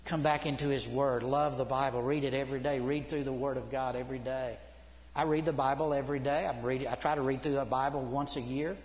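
A middle-aged man preaching a sermon, urgent and emphatic, swinging from loud to hushed. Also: medium pitch. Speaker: preacher, seminary dean. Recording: long hall reverb.

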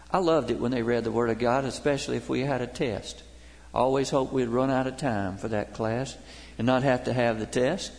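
A man's voice: mid-range voice, creaky, a little mellow. An older man preaching a sermon, telling folksy stories and jokes to his congregation. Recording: long hall reverb.

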